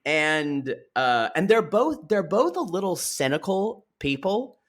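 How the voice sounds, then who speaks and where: A man's voice: a little high, very animated, takes it slowly, a bit bright. A man co-hosting a podcast, casually retelling a reality show scene by scene and acting out the quotes. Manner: chatty storyteller, acts out quotes, many fillers. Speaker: podcast co-host.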